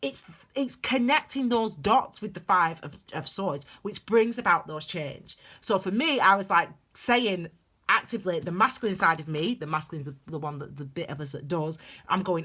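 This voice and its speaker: A woman giving a tarot reading for her channel, talking in a chatty, digressive and animated way. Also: on the low side, moderate pace, slightly rough. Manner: calls viewers "my darlings". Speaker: tarot reader. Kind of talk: casual tarot reading vlog.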